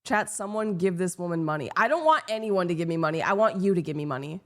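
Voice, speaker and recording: A young woman live streaming, chatting casually with her viewers in a sarcastic, deadpan, teasing way. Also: on the low side, quick pace.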